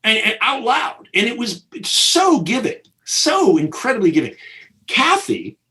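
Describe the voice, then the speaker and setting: With a very high voice and a measured pace, a middle-aged man who is a film director tells behind-the-scenes stories during an interview. He's animated, acting out everyone he quotes in big voices.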